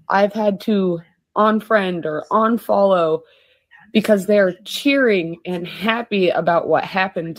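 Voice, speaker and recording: A woman with a somewhat low voice speaks to her followers in an earnest, measured way. It sounds like a personal statement, reasoned and sincere. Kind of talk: personal social media statement.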